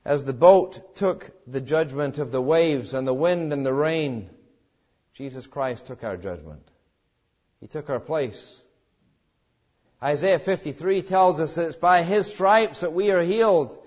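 A man preaching a sermon in an emphatic way, swinging between loud exhortations and quiet, low passages. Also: a little slow, dull audio. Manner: emphatic preaching with wide swings in pitch and loudness.

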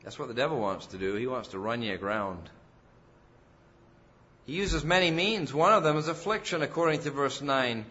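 Emphatic preaching man, bright and forceful. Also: medium pitch, lively intonation, moderate pace, muffled recording. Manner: emphatic preaching, rising loud on key phrases. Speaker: pastor. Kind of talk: sermon.

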